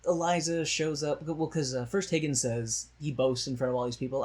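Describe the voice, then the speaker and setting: A man's voice: fairly high pitch, steady tone, fairly quick, darkish tone. A man co-hosting a podcast, recapping a musical in rambling, jokey casual chat with the odd mocking put-on voice. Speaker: podcast co-host.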